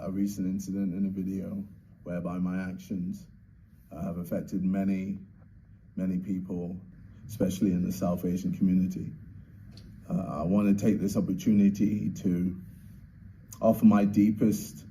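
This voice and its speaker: A man gives a prepared public apology, measured and hesitant, with small fillers between phrases. His voice is low and very dark. A faint noise sits behind him. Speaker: public figure making an apology video.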